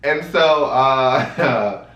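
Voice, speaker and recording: A young man in his twenties spins a casual storytime for his viewers, chatty and animated, talking right at them. His voice sits in a middling register. It comes from a mic set well back in a roomy indoor space. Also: mid-range voice, extremely slow, lo-fi sound. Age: 20s. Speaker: vlog host. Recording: roomy sound from a distant mic.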